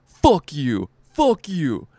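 A man's voice: fairly high pitch, normal speed, no room sound, voice pushed up, lightly acted. A man mimicking an angry, ranting male comedian. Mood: furious. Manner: shouting profane accusations.

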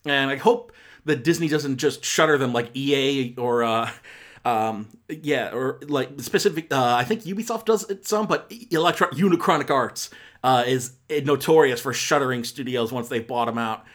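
A man's voice: medium pitch, moderate pace, a bit bright. A man giving a casual spoken film review on a podcast, rambling and self-correcting with many fillers and exasperated asides.

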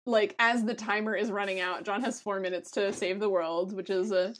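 A woman co-hosting a podcast in casual chat, animated and quick to laugh, with lots of fillers. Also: mid-range voice, a little hiss or hum. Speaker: podcast co-host. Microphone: remote call.

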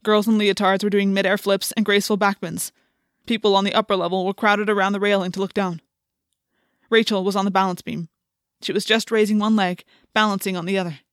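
A woman's voice: medium pitch, level tone, fairly quick, dry recording, studio quality. Dramatic woman narrating an audiobook. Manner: dramatic, intense first-person storytelling. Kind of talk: scripted first-person audiobook narration.

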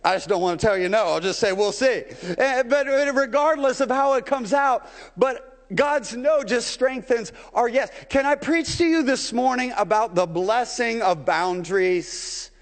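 A man's voice: very high voice, measured pace. A man pastor preaching a sermon to his church, putting rhetorical questions to the congregation. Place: church sanctuary. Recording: long hall reverb.

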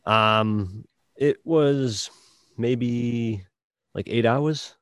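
A man with a Boston accent chatting casually about a game, halting with many restarts and fillers. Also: mid-range voice, clean tone, no echo, clean studio sound. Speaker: podcast guest reviewing a game. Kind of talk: casual chat.

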